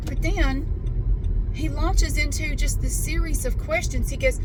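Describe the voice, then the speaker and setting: A woman's voice: high-pitched, lively intonation, normal speed, background noise. A woman vlogging in a casual, candid way, swearing freely and acting out both sides of conversations as she tells a story. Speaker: vlogger and paralegal.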